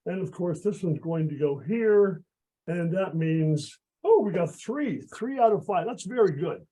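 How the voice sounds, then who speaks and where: A chatty man with a cold runs a card trick for volunteers on a video call, his voice fading as he goes. His pitch sits high for a man, while the tone stays dark and mellow. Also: expressive, measured pace, slightly rough, poor audio. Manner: chatty, encouraging. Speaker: magician. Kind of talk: live magic act on a video call.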